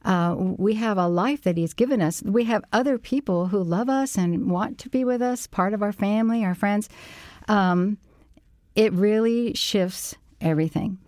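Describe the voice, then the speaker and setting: Middle-aged woman, soft mellow voice, gentle encouraging talk, lots of ums. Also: mid-range voice, normal speed, no echo, studio quality. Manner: gentle, reflective, encouraging, with frequent "um". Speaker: interview guest, parent support co-founder. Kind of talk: casual conversation.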